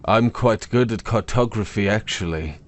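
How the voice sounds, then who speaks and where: A man's voice: on the low side, normal speed, soft background music, close to an everyday voice. A man narrating a fantasy story, voicing a mild, polite mapmaker in a plain voice. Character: mild, ordinary cartographer man, polite and dry.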